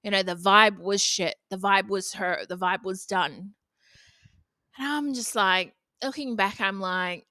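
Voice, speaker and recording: A woman's voice: medium pitch, steady tone, moderate pace, pushed and bright, no echo, studio quality. A young woman hosting a casual solo podcast, talking bluntly and swearing freely. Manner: blunt, frequent swearing, chatty. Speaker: podcast host.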